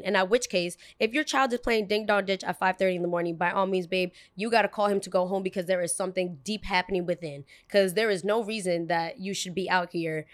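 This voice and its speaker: A young woman telling a story in a casual, slangy, animated way. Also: on the low side, a little fast, few pauses, no room sound. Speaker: podcast host.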